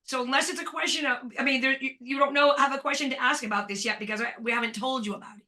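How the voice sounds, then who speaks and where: Woman co-leading an online class, high bright voice, rapid, jumps in often. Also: steady tone. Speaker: class co-leader.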